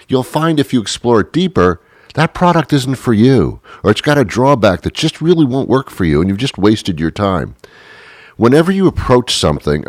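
Deep-voiced man, rambling and sarcastic. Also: no echo, studio quality. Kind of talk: comedic monologue.

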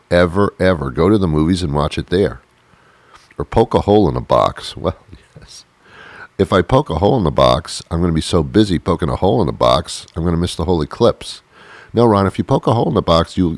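A man with a very low, deep voice rambles through a deadpan comic monologue, full of mock-confused asides. The recording is dry and close, with no room sound at all. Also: no echo. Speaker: comedian. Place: sitting on a porch outdoors.

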